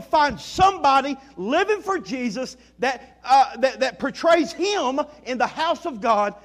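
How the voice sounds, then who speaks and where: A man preaching a sermon and reading scripture aloud, moving between loud emphatic lines and low quiet ones. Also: big pitch swings, measured pace, hardly any pauses. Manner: reads scripture in old-fashioned wording.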